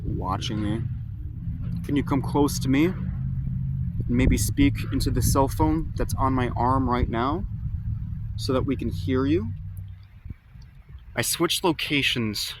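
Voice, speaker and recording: A man hosting a ghost-hunting vlog outdoors in a cemetery, talking into a phone strapped to his arm. He calls out to spirits in a slow, coaxing way and chats casually to his viewers in between. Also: mid-range voice, background noise. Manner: calm, slow, coaxing call-outs mixed with casual asides to viewers. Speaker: paranormal vlogger.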